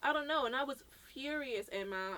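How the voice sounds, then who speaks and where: Animated woman telling a story. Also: high-pitched, brisk. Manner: animated, acts out quoted dialogue, swears freely. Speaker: podcast co-host. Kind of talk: casual chat, storytelling.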